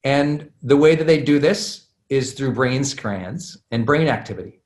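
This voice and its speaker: A man's voice: mid-range voice, animated, measured pace, roomy sound. A man giving a live class to an audience, candid and self-deprecating, with many fillers and restarts. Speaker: class speaker.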